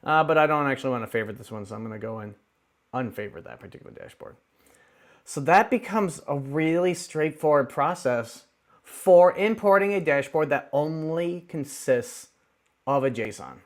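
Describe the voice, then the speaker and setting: A man hosting a screen-share software tutorial, his voice sitting a little high for a man. He talks in a chatty, upbeat way, tossing in playful asides as he clicks through. He is close on a desk microphone. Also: lively intonation, normal speed. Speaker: tech tutorial host.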